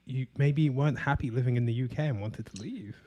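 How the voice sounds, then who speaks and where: A man's voice: mid-range voice, a little fast, warm tone, lo-fi sound, lightly acted. A man playing a pampered young prince husband who boasts cheerfully and obliviously, over a video call. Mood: breezy.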